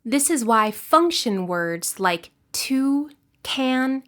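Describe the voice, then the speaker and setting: A woman with an American accent, an English teacher giving a scripted lesson with clear, deliberate explanations. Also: mid-range voice, animated.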